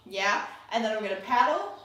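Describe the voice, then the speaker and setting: A woman's voice: a little high, animated, a little fast, very noisy. Woman teaching tap, counting beats. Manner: chatty, counts beats aloud, checks in with "yeah?". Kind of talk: online class instruction. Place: home room by a window, birds outside. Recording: echoey room, distant mic, loud tapping. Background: tap sounds and birdsong.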